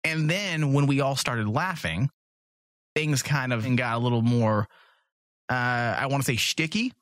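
A man's voice: mid-range voice, measured pace, fairly bright tone, dry recording, studio quality. A young man hosting a casual podcast, joking and self-mocking. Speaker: podcast host.

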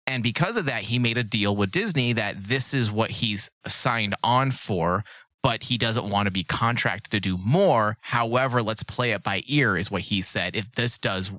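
Brief: male host with a low, bright voice, leading the discussion and asking the others. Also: moderate pace, dry recording. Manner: steers the talk, explains at length. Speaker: podcast host. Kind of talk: casual chat.

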